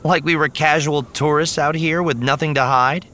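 A man voicing a sharp-tongued young woman smuggler who speaks in scornful, clipped protests. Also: on the low side, expressive, fairly quick, slight background noise, voice pushed up. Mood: sour.

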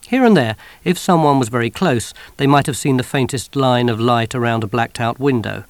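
A man reads an audiobook with an expressive, wry storytelling flair, leaning into each scene. His voice sits at an ordinary middle pitch. The recording is dry and close, with no room sound. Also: a little fast, no room sound. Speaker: audiobook narrator. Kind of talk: scripted audiobook narration.

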